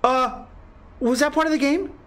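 A man's voice: extremely high pitch, moderate pace, a bit bright. A man hosting a horror game let's-play, talking to the game's characters, joking to himself and yelping and swearing at the scares. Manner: jumpy, yelps and swears at scares, jokes to himself. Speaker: gaming channel host.

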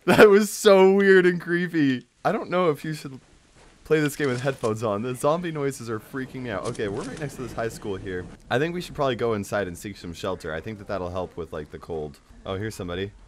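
A young man with a cold giving excitable let's-play commentary, yelping and laughing at the scares. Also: lowish voice, fast. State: has a cold. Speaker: gaming YouTuber.

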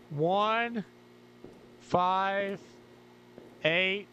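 High-voiced gamer man, ranting, swearing. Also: moderate pace, bright, forceful tone, lo-fi sound, a little hiss or hum. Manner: frustrated, swears a lot, ranting. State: losing his voice. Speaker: gaming YouTuber. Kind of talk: let's play commentary.

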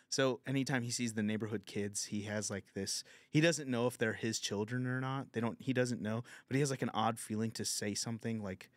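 A man's voice: fairly low pitch, no echo. A man hosting a podcast, telling a crude comedic story in casual talk and laughing often. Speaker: podcast host.

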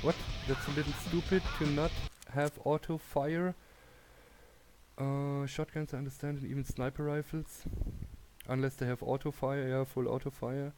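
A man's voice: medium pitch, little pitch movement, moderate pace, darkish tone, faint music behind. A man, chatting casually while streaming a game and greeting viewers, often laughing. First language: German. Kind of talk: casual gameplay commentary.

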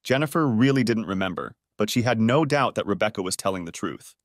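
A man's voice: lowish voice, a little fast, dry recording, studio quality. A man reading a story audiobook aloud as the narrator. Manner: expressive storytelling. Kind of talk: scripted narration.

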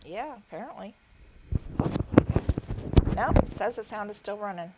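A woman's voice: medium pitch, animated, a little slow, heavy background noise. A middle-aged woman, chatting casually and laughing often as host of a quilting livestream, drifting off topic.

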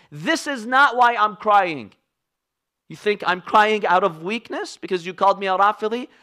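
A humble, devout scholar, as a preacher puts him on, speaks slowly with heartfelt sincerity. The voice is bright and high for a man.

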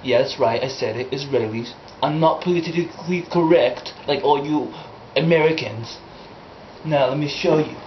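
In a roomy, dull lo-fi home video, a man plays a comic character host in an amateur sketch, rambling and improvising in a vague fake foreign accent. His voice sits a little high and moves at normal speed, with slight background noise.

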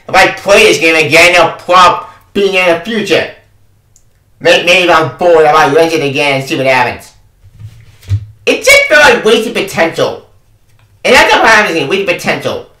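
A man's voice: fairly high pitch, animated, normal speed, pushed and bright, recorded from a distance. A man ranting about a game he reviews, exasperated and swearing, often repeating himself. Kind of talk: angry review rant. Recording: echoey room, away from the mic.

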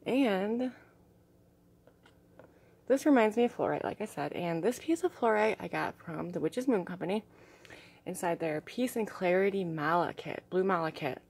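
A young woman with a somewhat low, breathy voice talks through a casual show-and-tell vlog. She gushes softly over each piece and often sinks into a near-hush. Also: lively intonation, moderate pace, long pauses. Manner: gushing, soft-spoken, drops to hushed tones. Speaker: vlogger showing crystals and art.

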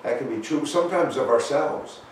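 Man giving a folksy, halting children's talk in a church, roomy echo, far-off mic. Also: medium pitch, noisy background. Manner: folksy, halting, many fillers. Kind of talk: children's sermon with storybook. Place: church sanctuary.

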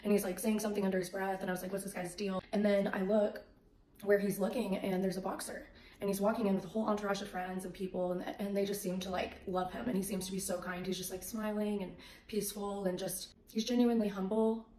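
A woman giving a casual faith testimony, animated and acting out the voices in her story. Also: mid-range voice, quick pace. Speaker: faith vlogger. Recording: echoey room.

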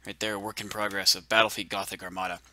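A man's voice: on the low side, level tone, fast, pushed and bright, dry recording. A man hosting a let's-play, thinking aloud as he plays and easily amused by what he finds. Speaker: gaming channel host. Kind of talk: let's-play game commentary. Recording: game music playing clearly behind. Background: game soundtrack music.

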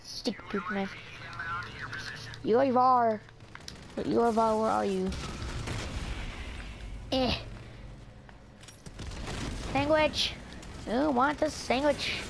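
A woman's voice: a little high, expressive, slow pace, gravelly, pauses often. A young woman giving playful, silly commentary while playing a shooter game, squealing and singing little nonsense lines. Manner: playful, squealing, silly sing-song asides. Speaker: gamer. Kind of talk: casual gameplay commentary. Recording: noisy game audio behind.

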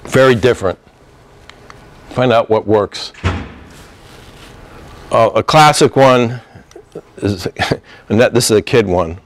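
A man's voice: mid-range voice, no echo. Chatty middle-aged man, dry sound. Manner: conversational, acts out dialogue with laughs. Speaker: therapist. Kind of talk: informal talk on communication.

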